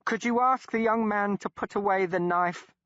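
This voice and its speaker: A frightened, scrawny Englishman squeals and wheezes his lines in a thin, very high voice. The English accent is plain. The audiobook recording is dry and a little dull. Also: moderate pace, a bit bright, no echo. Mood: sheepish. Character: frail English man, high-pitched, pleading and scrawny.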